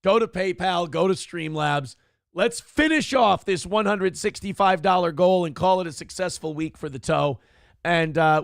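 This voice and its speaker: A man's voice: high-pitched, moderate pace, creaky, no echo, clean studio sound. A man hosting a morning show, giving profane, sarcastic commentary on news clips.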